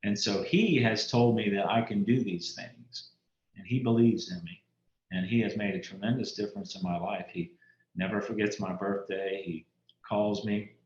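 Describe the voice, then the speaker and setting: A man, an author telling stories from his life in a relaxed interview. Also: fairly low pitch, normal speed. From Louisiana. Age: 50s. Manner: folksy, anecdotal, quotes mentors. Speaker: author guest. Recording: roomy, muffled lo-fi sound.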